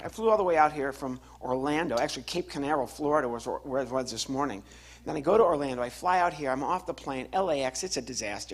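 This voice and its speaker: A man doing a stand-up comedy routine, telling a story on stage and acting out the voices of its people. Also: a little high. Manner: animated storytelling with acted-out voices. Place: live venue with laughing audience.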